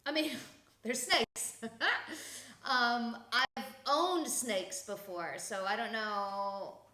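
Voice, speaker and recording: Slow-talking, blunt woman podcast host. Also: on the high side, sharp tone, reverberant. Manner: blunt and profane, laughs often. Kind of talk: casual spiritual talk.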